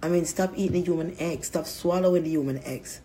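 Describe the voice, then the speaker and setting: A woman's voice: lowish voice, fast, mellow, slight background noise. A woman vlogger talking in a rambling, crude casual monologue, often laughing mid-sentence.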